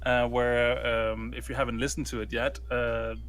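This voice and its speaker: Casting: mid-pitched man, casual, halting podcast co-host. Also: level tone, a bit bright. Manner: hesitant, many fillers and restarts.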